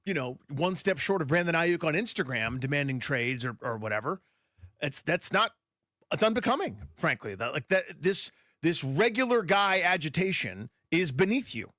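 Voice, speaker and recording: A man co-hosting a sports talk radio show, arguing his point in an animated way and restarting words when he gets heated. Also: on the high side, moderate pace, dry recording, clean studio sound.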